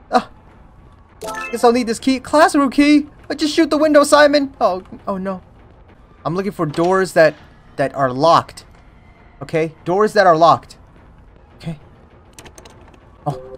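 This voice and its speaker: Jumpy, animated young man streaming a game. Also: high voice. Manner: jumpy, jokey, yelps and panics at scares. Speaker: streamer playing a horror game. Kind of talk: let's play commentary. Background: faint game music.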